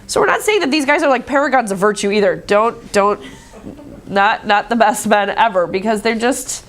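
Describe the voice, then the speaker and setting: A woman's voice: mid-range voice, lively intonation, normal speed. A woman teaching a history class in a classroom, chatty and joking, acting out quoted voices. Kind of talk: casual classroom lecture.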